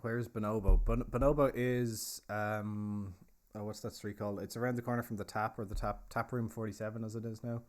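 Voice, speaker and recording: A man's voice: on the low side, fairly even intonation, fairly quick. Chatty man hosting a pub quiz. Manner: chatty, joking, confirming audience answers. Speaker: host and pub guide. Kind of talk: casual live virtual pub tour and quiz. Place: inside a pub.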